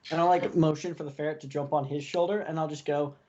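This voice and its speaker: A man's voice: on the high side, steady tone, quick pace, crowd noise. A man playing a tabletop game on stream, playful and teasing. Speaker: player. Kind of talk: casual play at a streamed game. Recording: dull mic with clear noise.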